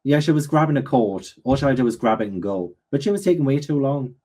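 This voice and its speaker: A man of ordinary pitch talks through a mystery novel with a friend. He builds theories with animated energy and laughs easily. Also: fast talker. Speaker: guest co-reader. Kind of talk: casual book discussion.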